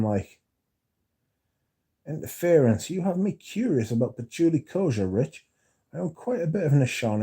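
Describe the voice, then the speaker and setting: A man's voice: medium pitch, warm tone, husky. A man hosting a casual livestream, reading viewer comments aloud and swearing freely as he chats. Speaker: livestream host reading chat. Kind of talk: casual livestream chat about perfume.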